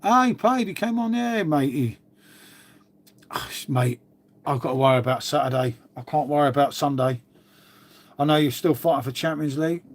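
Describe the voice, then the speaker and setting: A man's voice: on the high side, expressive, normal speed, pauses often. A man, a livestream host rambling casually and answering his viewers, calling everyone mate. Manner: rambling and chatty, calls people mate.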